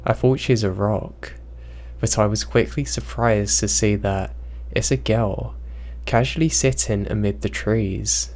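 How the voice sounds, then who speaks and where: A young man reading horror stories aloud, in a slow, even storytelling manner. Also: on the low side, gravelly. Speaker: narrator.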